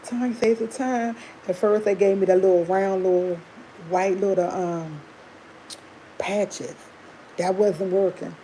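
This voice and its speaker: A woman's voice: mid-range voice, steady tone, slow pace, dark tone, slight background noise, low-quality recording. A woman hosting a livestream, chatting candidly to her viewers and laughing often as she tells a personal story. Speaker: livestream host.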